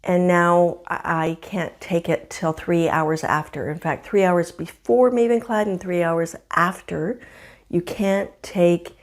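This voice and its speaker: A woman in her fifties talking candidly to camera at home in a casual vlog, with a slightly rough morning voice and frequent laughs. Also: lowish voice, measured pace, hardly any pauses. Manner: chatty and candid, laughs often. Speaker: vlogger. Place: home, indoors.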